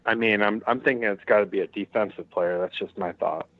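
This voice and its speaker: A man with a lowish voice argues bluntly about football on a podcast. His sound is thin and phone-like, dry with no echo. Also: steady tone, fairly quick. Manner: blunt, argumentative. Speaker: podcast co-host. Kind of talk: casual chat.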